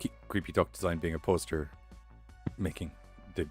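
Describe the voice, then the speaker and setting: A man's voice: low-pitched, fairly even intonation, moderate pace, a little mellow, slightly rough, soft background music. Sweary man reading horror news. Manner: rambling, sweary, jokey asides while reading. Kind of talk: casual chat reading news headlines.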